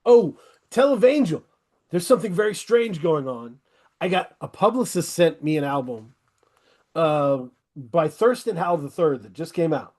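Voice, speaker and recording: A middle-aged male podcast host talks with a fairly high voice. He is loose and rambling and eagerly pushes new music on his guests in a casual interview chat. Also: animated, normal speed, a little mellow. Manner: enthusiastic, rambling recommendations.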